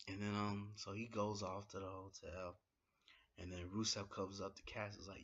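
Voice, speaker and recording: A man with a low, somewhat husky voice recaps a wrestling show in a loose, slangy way. He gets excitable and leans on fillers as he talks. The recording sounds dull and lo-fi. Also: normal speed. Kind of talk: casual spoken review recap.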